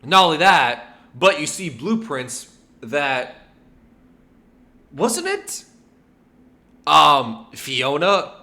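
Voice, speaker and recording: Guy rambling thru game lore theories, bright voice, lots of um and rhetorical questions. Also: fairly high pitch, drawn-out words, long pauses. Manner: animated, full of rhetorical questions, frequent filler ums. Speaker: video game lore channel host. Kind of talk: casual lore theorizing to camera.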